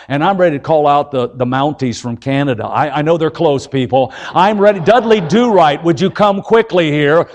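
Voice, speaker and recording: Middle-aged male evangelist, high voice, folksy jokey sermon that keeps calling on "folks".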